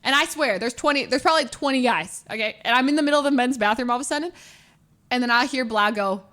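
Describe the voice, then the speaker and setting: A young woman streamer telling a story casually, animated, laughing often and full of fillers. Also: sits high, fast.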